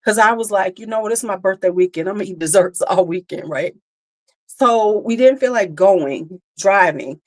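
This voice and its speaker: A woman hosting a casual birthday livestream, chatting with her viewers and greeting them by name in an animated, talkative way. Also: mid-range voice, normal speed. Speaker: livestream host.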